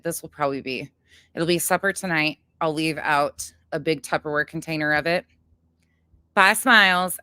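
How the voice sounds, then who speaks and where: A woman in a relaxed livestream chat with her viewers, talking in a chatty, blunt way and swearing freely. Her voice sits on the low side. The sound is dry and close, with little room to it. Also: clear, resonant tone, dry recording. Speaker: livestream host. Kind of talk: casual cooking livestream chat.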